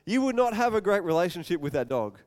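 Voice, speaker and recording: A man preaching a sermon, telling an animated story and acting out the voices in it. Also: sits high, fast talker. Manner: animated, acts out scenes with quoted voices.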